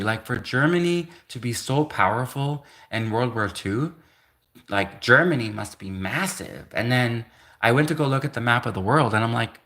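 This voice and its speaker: A livestream host in his thirties speaks in an animated, medium-pitched voice with a sharp tone at a moderate pace. He rambles casually, restarting often, filling gaps with "like," and laughing between thoughts.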